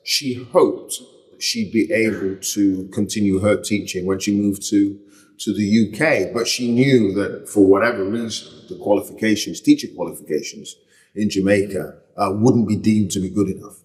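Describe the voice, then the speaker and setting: A man's voice: fairly low pitch, fairly even intonation, normal speed, a little mellow, big-room sound, distant mic. A man with a northern English Lancashire accent, chatting as an interview guest, talking freely and often restarting his sentences. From Bolton, England. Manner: chatty, many restarts and self-corrections. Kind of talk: relaxed reflective conversation.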